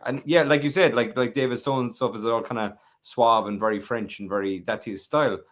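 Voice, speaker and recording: A man's voice: mid-range voice, steady tone, fairly quick, a bit bright. A man co-hosting a magic podcast, talking casually, repeating words and dropping "you know what I mean" asides. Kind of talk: casual chat.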